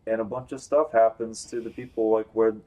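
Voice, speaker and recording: A young man chatting casually on a movie review podcast, animated, acting out lines he quotes. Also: lowish voice, fairly quick, poor audio. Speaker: podcast host.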